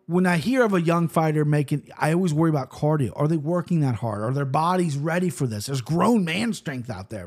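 A man in his thirties talks through fight results in a loose, rambling host style. His voice sits a little high, and he trips over words while hurrying through betting picks and the odd curse. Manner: rambling, fast-talking with frequent restarts and swearing. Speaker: show host. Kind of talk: casual MMA betting commentary.

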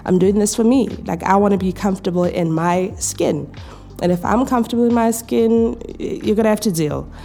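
A woman hosting a casual solo podcast from home, talking in a relaxed, chatty way with many fillers and restarts, her voice tired. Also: mid-range voice, fairly quick, gravelly, faint music behind. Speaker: podcast host. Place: home, in pajamas.

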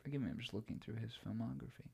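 A man's voice: medium pitch, fairly even intonation, rapid-fire, vocal fry, darkish tone, slightly rough. A young man co-hosting a casual podcast about old films, chatty and giggly, with plenty of ums and trailing thoughts. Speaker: podcast co-host. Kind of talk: casual film discussion.

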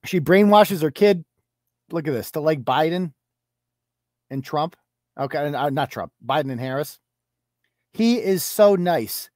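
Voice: medium pitch, moderate pace, long pauses, darkish tone, no room sound, studio quality. A podcast host delivering a profane, mocking rant as commentary. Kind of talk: ranting commentary.

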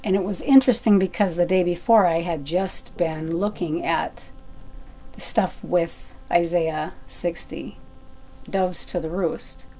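Mellow-voiced woman reading her prayer journal. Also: on the low side, steady tone. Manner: unhurried and halting, with fillers and self-corrections. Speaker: Christian speaker sharing personal revelations.

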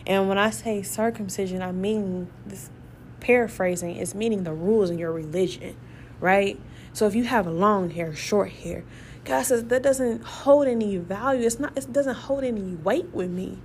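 A woman giving a casual, excitable Bible study talk, emphatic and conversational, who piles up rhetorical questions. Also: medium pitch, moderate pace, a little hiss or hum. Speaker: Bible teacher.

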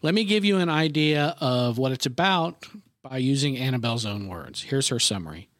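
A woman's voice: very deep voice, animated, normal speed, dry recording, clean studio sound. A woman co-hosting a podcast, introducing segments and teasing her co-hosts in casual chat. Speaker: podcast co-host.

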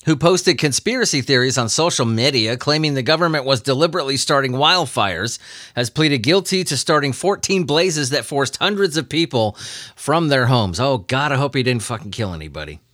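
A man's voice: mid-range voice, expressive, brisk, fairly bright tone, no room sound, clean studio sound. A man hosting a comedy news podcast, joking and laughing as he reads and riffs on odd stories. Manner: joking, laughs often, puts on silly voices. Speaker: podcast host.

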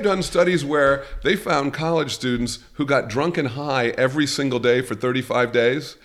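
A man's voice: medium pitch, moderate pace, few pauses, a bit bright. A man from New York co-hosting a podcast, telling a story in a rambling, wry way with dry jokes. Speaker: podcast co-host. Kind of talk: casual podcast chat.

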